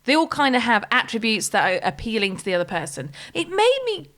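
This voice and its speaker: A woman's voice: a little high, big pitch swings, fast, fairly bright tone. A woman co-hosting a podcast in casual comedic chat, giggly and enthusiastic. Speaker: podcast co-host.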